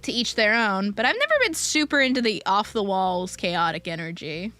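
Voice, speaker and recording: Faint music runs under this young streamer's mid-range voice, which sounds animated, pushed and bright. She goofs around with her viewers, reading their messages, giggling a lot and veering off on quick tangents.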